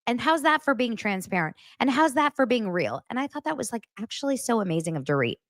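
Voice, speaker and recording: A woman's voice: on the high side, quick pace, dry recording, clean studio sound. A woman hosting a casual gossip show, talking bluntly and swearing freely. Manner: animated, blunt, swears freely, acts out quotes in voices. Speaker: podcast host recapping reality TV.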